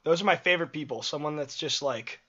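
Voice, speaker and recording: High-voiced young man telling stories. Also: quick pace, a bit bright, highs cut off. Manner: rambling storyteller, many likes and laughs. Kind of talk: casual chat.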